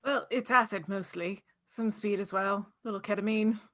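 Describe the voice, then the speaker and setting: A woman reading the part of a laid-back young man, speaking slowly and hesitantly in an amateur script reading. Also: medium pitch, fairly bright tone, natural voice. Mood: offhand. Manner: slow, hesitant, offhand.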